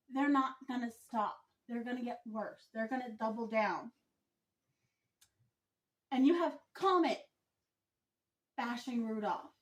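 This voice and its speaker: A woman vlogger giving an opinion commentary monologue, speaking in a deliberate, emphatic and indignant way. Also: high voice.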